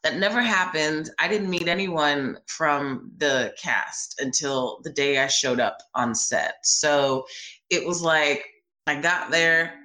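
A woman being interviewed about her first film, telling animated stories, laughing often and acting out what people said. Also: low voice, slow, reverberant. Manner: bubbly, laughs often, acts out quoted voices. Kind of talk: animated anecdotal storytelling.

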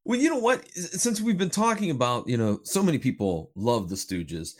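A man's voice: medium pitch, very animated, normal speed. A man hosting an interview, prompting his guest with friendly questions. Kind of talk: casual interview.

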